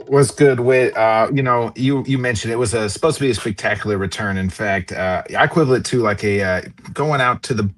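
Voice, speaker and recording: A man's voice: mid-range voice, a little fast, few pauses. A man guesting on a sports talk show, giving rambling, filler-heavy fight analysis with stories.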